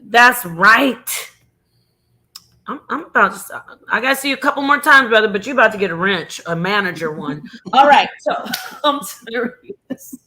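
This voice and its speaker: Bright-voiced playful woman streamer. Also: on the high side, lively intonation, brisk. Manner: loud, playful, joking, breaks into sing-song. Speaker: livestream host. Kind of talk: casual livestream chat.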